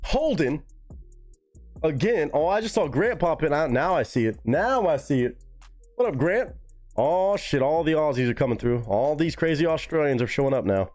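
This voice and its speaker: A young man hosting a live music reaction stream, talking casually and excitedly to his chat with plenty of swearing. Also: on the high side, normal speed. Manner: excitable, profane, talks straight to chat.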